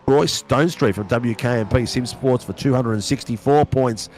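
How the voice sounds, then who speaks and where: A man's voice: mid-range voice, normal speed, few pauses, a little mellow. A man commentating a sim racing broadcast, chatty and laughing, full of slangy banter. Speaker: race commentator.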